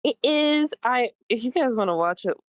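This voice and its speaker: A woman's voice: on the high side, expressive, normal speed, dry recording, rough recording. A young adult woman who has just woken up, chatting affectionately and sleepily with friends on a stream. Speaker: guest friend on call. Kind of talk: casual chat.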